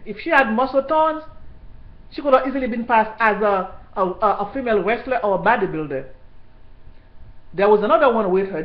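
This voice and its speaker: A woman who worked in hospital care tells her story as a personal testimony, indignant and halting, with many restarts. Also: mid-range voice, reverberant, muffled recording.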